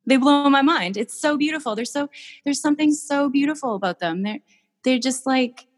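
A woman's voice: sits high, lively intonation, moderate pace. Woman, painter guest, gushing storyteller, casual chat, hall reverb. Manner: gushing, storytelling, many restarts.

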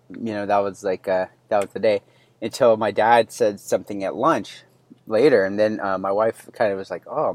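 A man's voice: lowish voice, a little mellow, no echo. A man in his thirties hosting a podcast, telling a personal story in a loose, rambling way with many fillers and restarts. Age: 30s. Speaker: podcast host.

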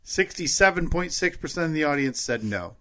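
A man's voice: a little high, expressive, brisk, crowd noise. A man co-hosting a podcast in casual chat, reading out poll results and laughing easily. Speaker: podcast co-host.

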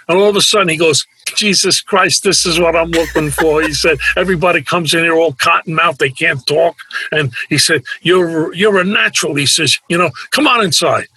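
A man's voice: fairly high pitch, pushed and bright, husky, low-quality recording. A man telling stories as an interview guest, a brash wisecracker who acts out the people he quotes. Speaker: guest, actor and nightclub performer. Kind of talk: casual anecdotal storytelling.

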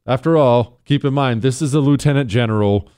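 Male radio show host, smooth voice, close dry mic, blunt emphatic delivery. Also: medium pitch, a little fast, a little mellow, dry recording. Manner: blunt, emphatic, repeats key points. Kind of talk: call-in advice talk show. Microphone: studio microphone.

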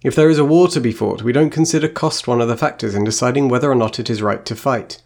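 A man reading as a calm, ancient witch queen. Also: medium pitch, quick pace, creaky. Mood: calm, explaining. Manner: plain reading, no put-on accent. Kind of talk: reading aloud from a novel.

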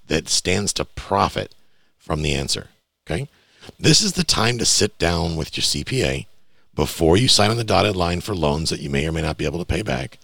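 A man's voice: low voice, vocal fry, fairly bright tone, no echo, clean studio sound. A male podcast host talking emphatically and bluntly in a casual monologue, ranting about bad information.

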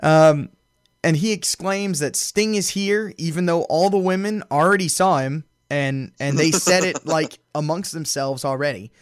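A man hosting a casual podcast recaps a wrestling show, telling it with amused storytelling and plenty of filler words. His voice is a little high for a man, and he speaks at a measured pace in a dry recording, close to the mic.

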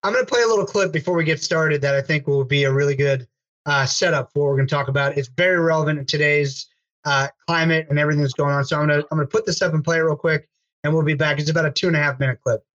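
A man hosts a relaxed interview, chatting in a friendly, easygoing way. His slightly raised voice comes through a dull, lo-fi call line. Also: on the high side, racing. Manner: friendly, loose with fillers. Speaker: host. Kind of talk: casual interview over video call.

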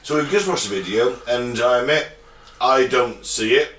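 Bright-voiced jokey English man, echoey room. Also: mid-range voice, moderate pace, a little hiss or hum. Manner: laughing, jokey, swearing. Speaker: podcast co-host. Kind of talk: casual banter, reading news stories. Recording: echoey room, mic at a distance.

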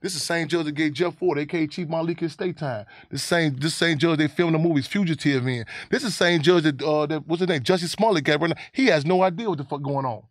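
Interview guest from Chicago: quick, restless storyteller, repeats words, swears freely, sits dry and close on the mic. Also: male voice, on the high side, no echo. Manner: rambling, repeats words, profane, animated.

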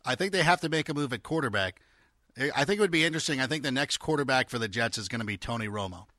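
A man co-hosting a casual sports podcast, chatty with quick asides. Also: medium pitch, animated, sharp tone, no echo, clean studio sound. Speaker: podcast co-host.

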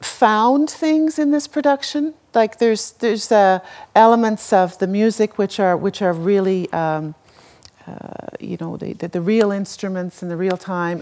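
A woman theatre director from Cape Breton, talking onstage before an audience in a chatty, animated way with many restarts. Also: mid-range voice. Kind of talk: onstage interview talk.

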